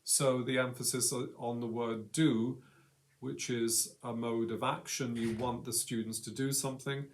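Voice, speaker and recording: A man's voice: medium pitch, level tone, normal speed, slight background noise. A man co-presenting an English grammar lesson, explaining points and acting out example commands with strong emphasis. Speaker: English teacher.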